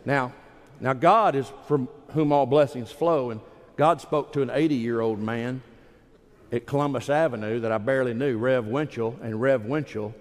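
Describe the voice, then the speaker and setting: A man's voice: mid-range voice, normal speed. A man preaching a sermon in a folksy, emphatic storytelling manner. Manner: folksy, emphatic, acts out quoted voices. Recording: reverberant hall.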